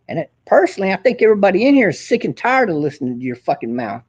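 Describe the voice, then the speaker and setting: Man, host, profane combative rant, lively swooping pitch, dull lo-fi sound. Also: very fast, few pauses, husky. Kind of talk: casual ranting monologue.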